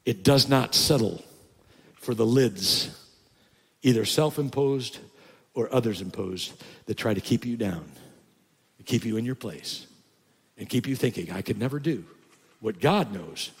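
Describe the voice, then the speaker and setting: Gravelly older pastor preaching in a hall. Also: male voice, lively intonation, a little slow, pauses often. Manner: preaching with sudden loud high-pitched emphasis. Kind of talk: sermon. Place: church sanctuary. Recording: reverberant church hall.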